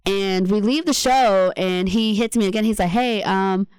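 Relaxed young woman, rambling story. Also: medium pitch, moderate pace, smooth, dry recording, poor audio. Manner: relaxed, rambling, full of fillers. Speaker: podcast co-host. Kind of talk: casual storytelling chat.

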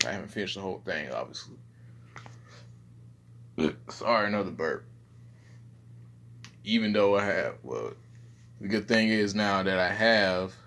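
A young man, rambling casually and profanely in a low-key, self-deprecating way. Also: fairly bright tone, a little hiss or hum. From Southern United States. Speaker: vlogger.

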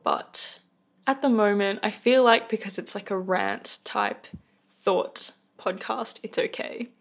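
On a close podcast mic, a young woman hosting a casual rant show rambles and puts herself down. She speaks slowly in a mid-range voice.

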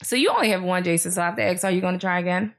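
Chatty woman podcast host with vocal fry. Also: fairly low pitch, very fast. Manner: chatty, candid, laughs often. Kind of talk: casual chat.

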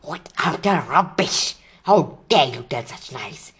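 A man's voice: on the high side, expressive, slow pace, a bit bright, slightly rough, exaggerated voice. A man voicing a stern older woman professor in a storybook reading, sharply scolding.

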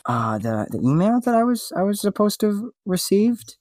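A man's voice: sits high, very animated, normal speed, a little mellow, no room sound, clean studio sound. Flustered stammering man on a podcast. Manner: flustered, stammering with repeated restarts. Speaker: podcast host making prank-style calls. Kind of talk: comedic improvised podcast bit.

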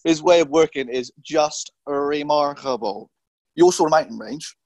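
A man's voice: on the high side, normal speed, darkish tone, dry recording. A man playing a producer who gushes and fawns over a director. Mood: gushing. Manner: gushing and fawning. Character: gushing male producer on a call.

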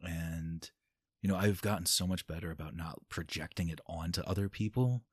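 A man with a very low, husky voice talks openly in a relaxed podcast chat. He swears freely and breaks into laughter often. The sound is dry and close. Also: moderate pace, dry recording. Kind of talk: casual podcast conversation.

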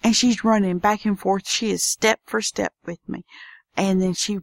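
A woman's voice: medium pitch, fairly even intonation, moderate pace, gravelly, no room sound, studio quality. A woman with a Southern US accent hosting a casual solo podcast from her home office, chatty and folksy. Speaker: podcast host.

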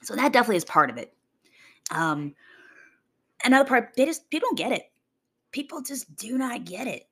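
A woman's voice: a little high, very animated, fairly quick, long pauses, fairly bright tone, breathy edge. A woman in a casual motivational monologue about fitness, blunt and swearing freely, often mimicking other people. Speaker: fitness vlogger.

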